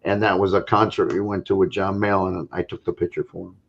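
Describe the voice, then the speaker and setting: Husky low-voiced man on a lo-fi stream. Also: level tone, quick pace. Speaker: chat guest. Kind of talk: casual chat.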